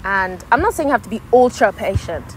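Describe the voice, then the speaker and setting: Animated young woman chatting casually. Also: mid-range voice, a little fast, slight background noise. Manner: animated, acts out quoted voices. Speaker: podcast co-host. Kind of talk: casual chat.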